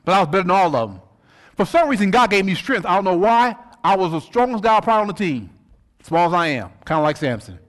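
A middle-aged man preaching a sermon, his voice sitting high and leaping around in pitch. He tells his story with rhetorical questions and plenty of animation. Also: big pitch swings, fast. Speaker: pastor.

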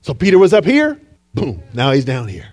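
A man's voice: medium pitch, huge pitch swings, moderate pace. A man preaching a sermon as pastor, telling a story in a dramatic way and calling on the congregation for responses. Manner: dramatic storytelling, acting out quotes.

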